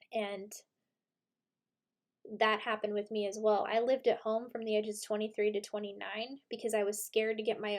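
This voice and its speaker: A woman in her thirties giving an intuitive tarot reading in a gentle, reflective way, mixing in stories from her own life. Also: medium pitch. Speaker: tarot reader.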